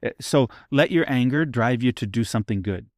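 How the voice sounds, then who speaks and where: In a medium-pitched voice with lively intonation, a male pastor co-hosts a faith podcast, talking a little fast as he earnestly unpacks a question. He keeps tagging his points with "right?" in this casual, studio-quality recording free of room sound.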